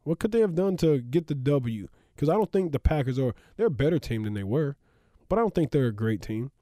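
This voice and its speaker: A man's voice: medium pitch, a little fast, no echo, studio quality. Laughing, rambling male sports podcast host. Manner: animated, laughs often, rambling asides. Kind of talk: casual sports talk.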